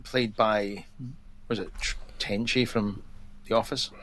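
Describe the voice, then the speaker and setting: A man's voice: on the low side, steady tone, slow, a bit bright. A man co-hosting a podcast, chatting casually and laughing easily as he recommends shows. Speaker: podcast co-host. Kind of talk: casual chat.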